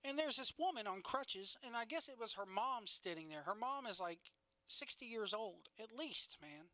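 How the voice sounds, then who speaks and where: A woman's voice: a little high, animated, moderate pace, pushed and bright, no room sound. A woman co-hosting a casual chat show, telling stories animatedly and swearing freely. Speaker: podcast co-host.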